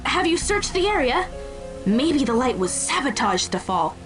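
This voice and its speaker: A lively, encouraging friend. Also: female voice, sits high, unhurried, soft background music. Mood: thoughtful. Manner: encouraging, playful. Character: upbeat young woman, supportive friend on the phone.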